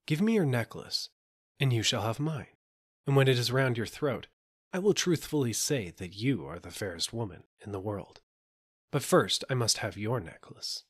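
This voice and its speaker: A man reading a fairy tale, voicing a clever young squire who speaks with calm, teasing confidence. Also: medium pitch, normal speed, breathy edge. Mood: sly.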